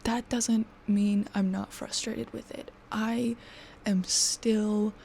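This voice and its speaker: A woman in her twenties venting to her camera, frustrated and exhausted, swearing and often sinking into a breathy half-whisper. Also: mid-range voice, level tone, slow, dark tone, slight background noise. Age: 20s. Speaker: vlogger.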